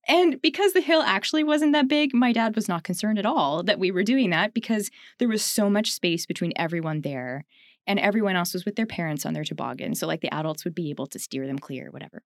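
A woman's voice: medium pitch, lively intonation, fairly quick, no room sound. Woman, from Canada, podcast co-host, chatty storyteller, laughs often, dry close sound. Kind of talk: casual reflective conversation.

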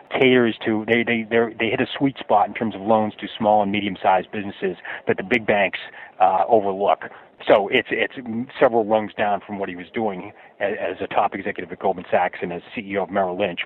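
A male author answering interview questions in a conversational way, often halting and repeating words as he thinks. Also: fairly low pitch. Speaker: author guest. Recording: tinny phone line.

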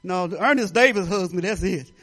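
An older woman pastor from Detroit giving a folksy, animated sermon, talking straight to the congregation with laughing asides. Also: lowish voice, moderate pace. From Detroit, Michigan.

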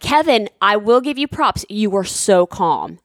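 A woman's voice: mid-range voice, animated, measured pace, dry recording, clean studio sound. A woman in her thirties chatting casually, emphatic and indignant as she gives her side. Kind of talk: casual chat.

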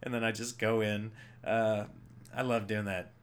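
A man, a comedian, rambling casually through his own show, voice lowered by a cold, chatty and jokey, laughing at his own bits. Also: flat delivery, a little slow.

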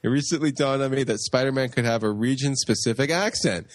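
A man's voice: mid-range voice, fairly quick, no echo, clean studio sound. Goofy man co-hosting a podcast. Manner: goofy, joking. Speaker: podcast co-host. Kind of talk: casual podcast chat.

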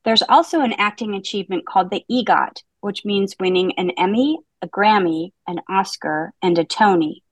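A woman with a mid-range voice hosts a book podcast, speaking at a moderate pace with few pauses on a dry, rough recording. She reads a scripted intro, then leads a casual book-club chat with dry, self-mocking humor.

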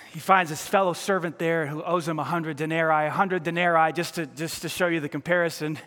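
A man preaching a sermon as a pastor, animated, acting out the voices of the people he quotes. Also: a little high. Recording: long hall reverb.

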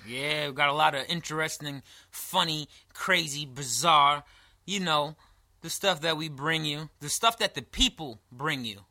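Bright-voiced joking New man. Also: a little high, a little slow. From New York. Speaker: podcast co-host. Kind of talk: casual chat.

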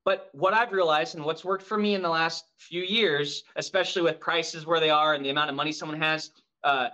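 A man appears as a guest on a relaxed podcast, chatting about running his mortgage brokerage. His storytelling is animated and full of energy, delivered in a bright, forceful voice pitched slightly high for a man.

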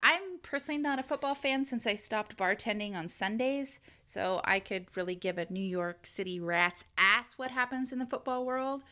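A woman's voice: a little high, normal speed, few pauses, bright, forceful tone. A young woman co-hosting a podcast, reading news stories in a chatty way and laughing often. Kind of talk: casual chat.

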